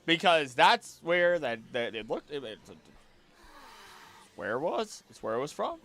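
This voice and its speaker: A man chatting casually on a live gaming stream, jokey and animated, talking to the creatures on screen. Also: a little high, a little slow, vocal fry. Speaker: streamer and voice actor.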